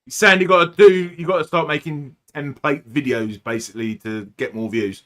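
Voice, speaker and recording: A man's voice: on the high side, steady tone, a little fast, fairly bright tone. A man hosting a casual podcast chat, teasing his co-host and laughing easily.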